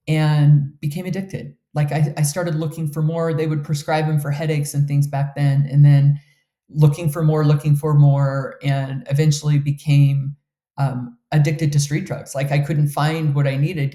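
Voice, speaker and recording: A woman's voice: deep voice, mellow, reverberant. A woman in her fifties, candidly telling a personal story in an interview, earnest and emotional. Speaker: guest.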